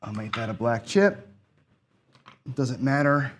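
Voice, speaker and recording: A man's voice: mid-range voice, lively intonation, unhurried, a little hiss or hum. A man casually narrating his own craps game, counting chips and muttering frustrated asides to himself. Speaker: craps channel host. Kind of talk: casual play-by-play while gambling.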